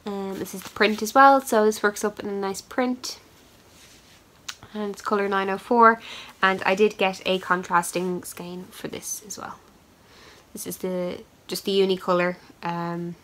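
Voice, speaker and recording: Rambly woman chatting about her knitting to camera, lots of ums, mid-pitched easy voice. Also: a bit bright, poor audio. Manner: chatty, rambling, self-deprecating with fillers. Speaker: knitting podcast host. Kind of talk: casual chat showing yarn.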